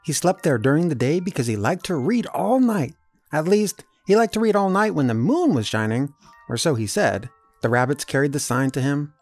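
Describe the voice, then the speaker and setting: A man reading a children's storybook aloud, with an animated delivery. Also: a little high, normal speed, faint music behind. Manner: animated, doing character voices. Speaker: storybook reader.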